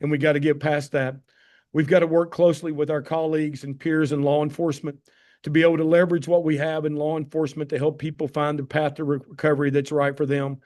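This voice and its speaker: A man in his fifties with a Southern Tennessee drawl and a fairly high-set voice. He tells personal stories warmly and with emphasis, and he keeps calling his listeners "guys." His manner is folksy and heartfelt. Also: little pitch movement, fast talker. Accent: Tennessee Southern American. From Tennessee, USA. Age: 50s. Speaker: addiction medicine doctor giving a talk. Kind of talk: personal storytelling presentation on a call.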